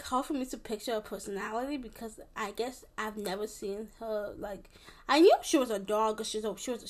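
Young woman rambling through a story. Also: on the high side. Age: young adult. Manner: rambling, with many restarts and fillers. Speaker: vlogger. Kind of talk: casual storytelling to camera.

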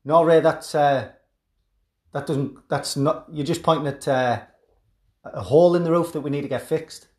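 A weary office colleague, as a man puts one on, hesitant and flatly dismissive, stumbling over his words. The voice drops low and flat in a roomy, echoing space. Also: moderate pace, close to an everyday voice.

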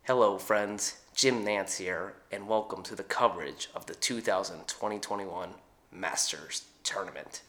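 A man doing an impression of a famous sports announcer, slow and solemn. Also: a bit bright. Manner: slow, low, solemn broadcast delivery. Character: man imitating a famed golf and college basketball announcer, hushed and measured.

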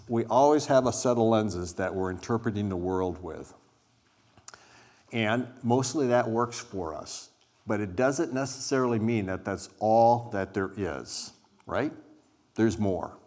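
Low-voiced man preaching conversationally. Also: measured pace, darkish tone. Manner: conversational, inviting, acts out scripture scenes. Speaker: guest preacher. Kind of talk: sermon. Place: church hall before a live congregation.

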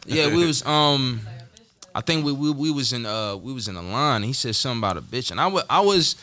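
A man's voice: medium pitch, brisk, dry recording. A young man, chatting as a musician guest on a podcast and acting out voices as he tells stories. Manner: animated storyteller, acts out voices. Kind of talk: casual podcast chat.

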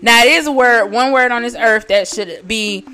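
A woman hosting her own podcast in a rambling, profane monologue, laughing at her own jokes and jumping between loud bursts and quiet asides. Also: normal speed, clear, resonant tone, soft background music. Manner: big swings in loudness and pitch, bursts of shouting. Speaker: podcast host. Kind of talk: casual solo podcast monologue.

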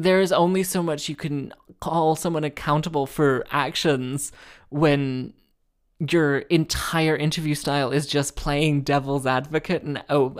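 A woman with a deep, low voice talks casually on her podcast. She rambles sarcastically, restarting her sentences often as she picks apart a project. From Wales. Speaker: podcast host. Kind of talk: casual chat.

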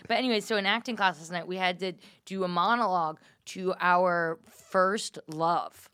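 A woman's voice: on the low side, moderate pace, a bit bright, clear, resonant tone, no room sound, clean studio sound. A woman in her twenties, a comedian hosting a casual chat, telling self-deprecating stories and acting out the voices in them. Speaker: comedian and podcast host.

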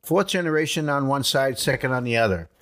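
A man's voice: mid-range voice, a little fast, fairly bright tone. A man from New Hampshire with a New England accent, hosting a podcast in a wry, joking, folksy monologue. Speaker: podcast host.

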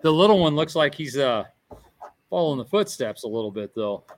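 A man's voice: mid-range voice, very animated, brisk, noisy background. Easygoing man hosting a casual chat. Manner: easygoing, chatty, many fillers. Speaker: podcast host.

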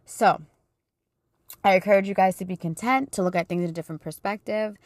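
A woman in her thirties hosts a motivational talk in a casual, encouraging way. Her voice sits at an ordinary middle pitch, recorded dry and close with little room sound. She speaks with fervent, faith-filled warmth of conviction. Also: fairly quick, no echo. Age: 30s. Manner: emotional and fervent in praise. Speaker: podcast host and life coach.

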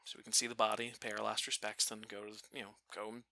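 Bright-voiced man telling a story. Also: on the low side, quick pace, gravelly, no echo. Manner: animated, profane, laughing while telling. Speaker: storyteller guest. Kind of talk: casual storytelling.

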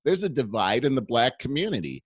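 A man's voice: medium pitch, sing-song, a little fast, husky, no echo. A man in casual conversation as podcast co-host, telling stories animatedly and acting out quoted voices.

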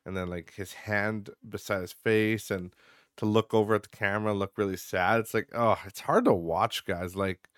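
A man's voice: on the low side, steady tone, moderate pace, clean tone, dry recording. A young adult man hosting a casual solo podcast, ranting with frequent swearing and lots of filler words into a close mic. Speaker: podcast host.

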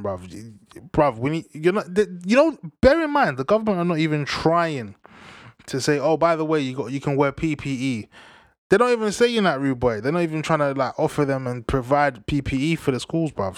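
Young man, heated slang-filled rant, slightly high pitch. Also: very animated, normal speed, dry recording, studio quality. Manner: heated, swearing, slang-heavy, frequent restarts. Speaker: vlogger. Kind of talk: ranting monologue to camera.

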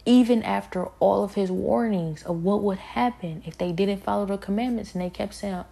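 A weary woman preaching an impassioned sermon. She is emphatic and repetitive, and her talk builds to forceful peaks. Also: mid-range voice, normal speed, vocal fry, few pauses, husky.

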